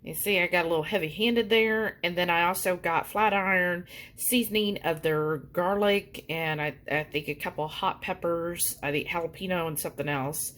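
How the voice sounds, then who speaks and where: A woman's voice: fairly low pitch, fairly even intonation, moderate pace, hardly any pauses, a bit bright. A woman talking casually to her viewers in a vlog, full of fillers and y'alls. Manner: chatty, lots of fillers, says y'all. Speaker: vlogger.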